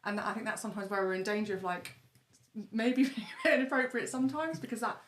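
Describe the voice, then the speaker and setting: A woman co-hosting a casual podcast chat, animated and laughing often, repeating words as she talks. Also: on the high side, fast, a little hiss or hum. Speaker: podcast co-host. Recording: roomy studio echo.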